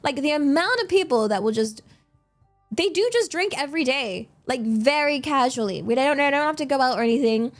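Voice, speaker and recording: A young woman streaming, chatting casually in a giggly, animated, exclamatory way. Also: high voice, a little fast, faint music behind. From England. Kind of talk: casual chat.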